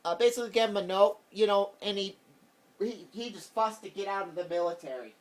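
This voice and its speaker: A man's voice: high-pitched, a little fast. A man vlogging a heated, rambling political rant, repeating himself as he talks. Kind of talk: casual political rant to camera. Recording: voice distant from the mic.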